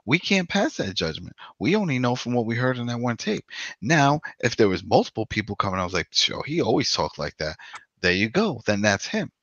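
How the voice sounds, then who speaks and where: A man co-hosting a podcast in casual discussion, rambling and animated, with frequent "you know". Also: mid-range voice, a little fast, no room sound. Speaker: podcast co-host. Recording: dull lo-fi dry sound.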